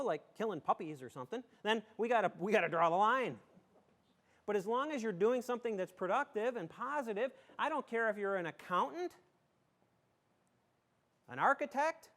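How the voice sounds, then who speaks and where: High-voiced folksy middle-aged man. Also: fairly bright tone. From southern tier of western New York. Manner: joking, folksy, emphatic. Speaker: school superintendent. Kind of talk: folksy talk to a community audience.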